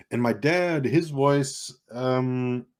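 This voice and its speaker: Reading viewer comments aloud on a live stream, a young man from South Carolina rambles casually and chuckles often. He has a Southern American accent and a deep baritone voice.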